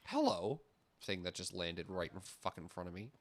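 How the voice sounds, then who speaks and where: A man's voice: low voice, big pitch swings, normal speed. A young man streaming a game, chatting casually and rambling, often stopping himself mid-thought and laughing. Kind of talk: casual gameplay chat.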